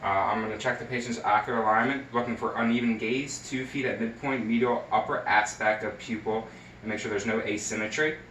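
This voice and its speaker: A man's voice: fairly low pitch, steady tone, brisk, a bit bright, distant mic, slight background noise. Hesitant man explaining an exam in an echoey room. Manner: hesitant, many fillers, explains each step. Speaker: nursing student. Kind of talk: recorded skills demonstration.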